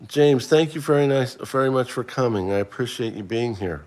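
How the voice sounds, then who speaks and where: A man's voice: mid-range voice, expressive, moderate pace, few pauses, darkish tone. A middle-aged man hosting a casual livestream, chatting and running a trivia quiz for viewers he addresses by name. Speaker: livestream host.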